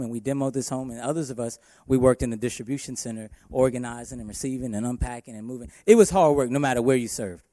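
Young worship pastor, sermon storyteller, medium pitch, dry close recording. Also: male voice, mellow, dry recording. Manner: storytelling, addresses congregation as y'all.

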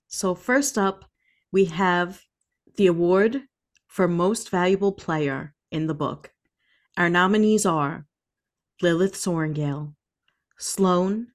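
A woman co-hosting a book podcast in casual chat, announcing awards cheerfully with frequent laughs. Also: lowish voice. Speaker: podcast co-host.

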